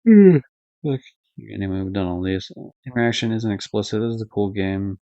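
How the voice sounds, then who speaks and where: A man's voice: fairly low pitch, steady tone, brisk, darkish tone, no room sound. A young man streaming live, rambling casually through game ratings with lots of fillers, swearing and self-corrections. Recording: dull lo-fi dry stream audio.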